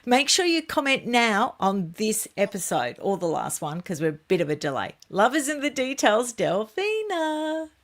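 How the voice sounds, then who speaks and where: Co-host, woman, fairly high voice, chatty and exasperated, casual chat. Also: big pitch swings, moderate pace, hardly any pauses. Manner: chatty, exasperated, reads viewer comments.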